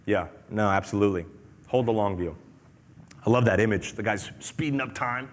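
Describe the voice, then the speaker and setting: A man giving an energetic conference talk as a company presenter, repeating key phrases in a casual way. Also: lowish voice, normal speed, a little hiss or hum. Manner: energetic, repetitive, conversational. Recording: long hall reverb.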